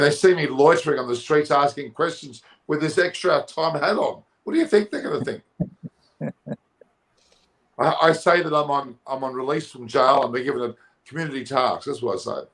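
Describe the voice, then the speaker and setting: A middle-aged man trading cricket opinions in casual conversation. He is jokey and animated, and his voice leaps up in pitch when he protests. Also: low-quality recording. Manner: animated, jokey, rises high when indignant. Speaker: cricket show co-host. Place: Coogee, Australia.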